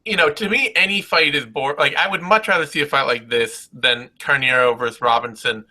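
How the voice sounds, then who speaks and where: A man's voice: medium pitch, brisk, pushed and bright, rough recording. A man co-hosting a casual post-fight chat, blunt and emphatic, swearing freely as he breaks down the bouts. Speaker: co-host.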